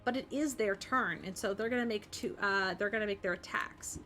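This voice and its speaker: A woman's voice: medium pitch, fairly quick, sharp tone, soft background music. A young woman narrating as game master of a tabletop game, chatty and full of fillers. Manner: chatty, lots of um and like.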